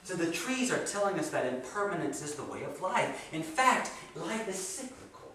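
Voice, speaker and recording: A man giving a sermon with a guided meditation at a spiritual center, his delivery swinging between hushed and emphatic. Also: high-pitched, very animated, moderate pace. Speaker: guest speaker at a spiritual center. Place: meeting hall of a spiritual center. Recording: echoey hall from far off, faint noise.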